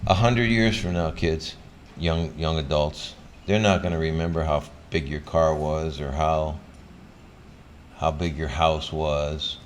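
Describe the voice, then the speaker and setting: An older man, a former pro athlete, giving a motivational talk full of personal stories that he acts out with lively, sometimes loud energy. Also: extremely low pitch, unhurried, a little hiss or hum. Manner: animated storyteller who acts out scenes, loud when excited.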